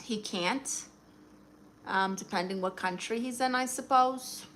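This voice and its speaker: This Brooklyn, New York woman has a fairly high, fairly bright voice and an unhurried delivery, with slight background noise. Hosting a casual livestream, she gives advice, sassily answering and teasing viewers while calling them honey.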